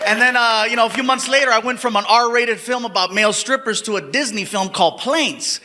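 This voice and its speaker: A middle-aged man doing animated stand-up storytelling on stage in a large venue, getting excitable and yelling his punchlines. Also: very high-pitched, brisk. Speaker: stand-up comedian. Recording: live hall with long reverb.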